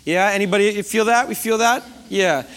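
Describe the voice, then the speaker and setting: A man's voice: high voice, normal speed, a bit bright. A young man preaching a sermon to a congregation, chatty and storytelling, often asking the room questions. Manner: conversational, asks the congregation questions. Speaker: pastor. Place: church hall before a congregation.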